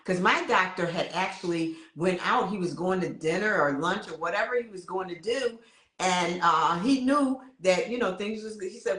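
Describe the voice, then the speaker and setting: A woman's voice: fairly low pitch, moderate pace, a bit bright, roomy sound. A woman co-hosting a casual conversation, a supportive listener who affirms her guest. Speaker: co-host.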